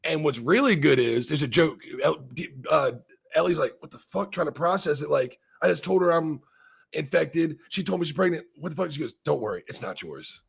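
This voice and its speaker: A man's voice: a little high, fairly quick, creaky, breathy edge. A man hosting a casual talk show, rambling profanely with many restarts as he argues his point. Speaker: podcast host. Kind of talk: casual chat.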